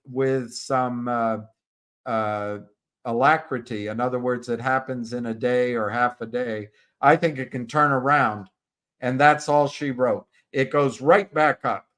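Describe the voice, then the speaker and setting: A man hosting a live stream, giving halting, casual commentary on stock charts and talking to his viewers by name. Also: mid-range voice, fairly even intonation, a bit bright. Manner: halting, restarts mid-phrase, talks to viewers by name.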